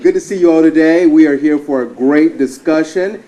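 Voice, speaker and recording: A man's voice: a little high, moderate pace, warm tone, highs cut off. A man, a TV weatherman, moderating a town hall and giving upbeat introductions. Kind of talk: event hosting.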